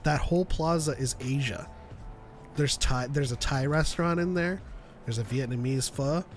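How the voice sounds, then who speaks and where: A man's voice: medium pitch, normal speed, faint music behind. A man co-hosting a live call-in show, chatting casually, rambling and laughing at his own stories while he reads out the chat. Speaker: co-host reading live chat.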